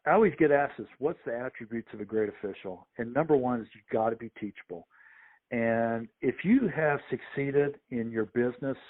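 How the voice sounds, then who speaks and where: A man, a sports official and podcast guest, telling lively anecdotes and acting out the people in them. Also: medium pitch. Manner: animated anecdotes with quoted voices. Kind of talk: storytelling interview. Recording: phone-like narrow audio.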